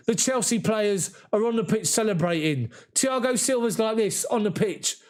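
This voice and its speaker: Man, fan commentary, excited, emotional, fairly high voice. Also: normal speed, few pauses.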